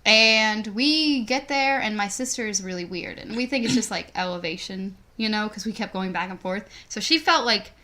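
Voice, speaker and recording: A woman's voice: mid-range voice, normal speed, hardly any pauses, bright, forceful tone. Chatty young woman telling a story. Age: teens. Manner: rambling, says "like" constantly. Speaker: podcast co-host. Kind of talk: casual storytelling chat.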